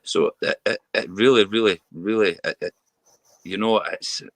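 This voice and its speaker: A Scottish man with a deep, low-pitched voice talks with open, earnest feeling. He often restarts and repeats words as he pushes his point. The sound is dry and close, with no room echo. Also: steady tone, moderate pace. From Scotland. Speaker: mental health campaigner, guest. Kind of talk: candid interview talk.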